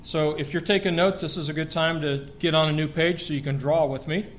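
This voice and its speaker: A man delivers a sermon in a fairly high voice, reading scripture with energy and tossing questions to the congregation. His manner is lively and joking. A faint low rumble sits under the recording. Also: a little fast. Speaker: preacher.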